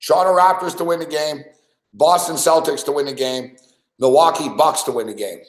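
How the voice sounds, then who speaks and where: A man's voice: on the high side, fairly quick, echoey room. A man hosting a sports betting show, complaining with heavy swearing about his bets. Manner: profane, frustrated rant. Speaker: sports betting podcast host. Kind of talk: casual betting talk.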